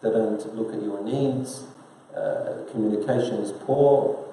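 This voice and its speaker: A man's voice: on the low side, measured pace, mellow, slight background noise. Male preacher in an echoey room. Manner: conversational preaching with rhetorical questions to the congregation; quotes scripture in Arabic then explains it in English. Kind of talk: sermon.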